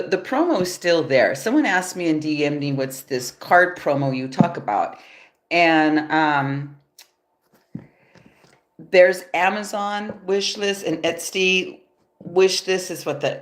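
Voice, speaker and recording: A woman with a stuffy, nasal voice doing a casual tarot reading on a livestream, laid-back and loose, swearing in passing and chuckling often. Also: lowish voice. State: nasal from allergies. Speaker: tarot reader. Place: home after yoga. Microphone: phone.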